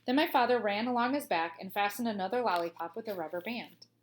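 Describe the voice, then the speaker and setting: Teacher lady reading a kids' chapter book, expressive, middle pitch. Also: fast. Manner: clear, expressive storytelling with playful asides. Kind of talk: children's storybook read-aloud.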